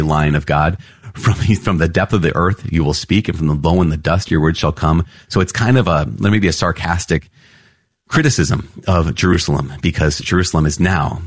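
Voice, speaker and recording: Deep husky man teaching Bible. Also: dry recording, studio quality. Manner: conversational, laughs often, rises in pitch for mock surprise. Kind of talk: casual Bible study commentary.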